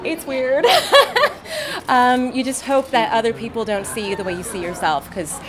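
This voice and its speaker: An actress at an outdoor premiere red carpet, talking in a modest, friendly, self-critical way. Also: female voice, on the high side, normal speed, background noise. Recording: crowd chatter behind.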